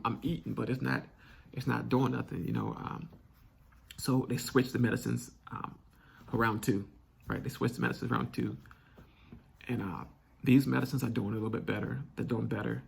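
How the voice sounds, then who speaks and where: A young man telling a personal story candidly, halting and restarting often. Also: mid-range voice, steady tone, vocal fry, slightly rough. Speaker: vlog host.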